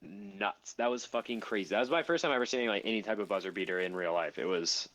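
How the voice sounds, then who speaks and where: A man telling a story in a casual podcast chat, laughing often, swearing and jumping up in pitch when he quotes others. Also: fast talker, a bit bright. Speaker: podcast co-host.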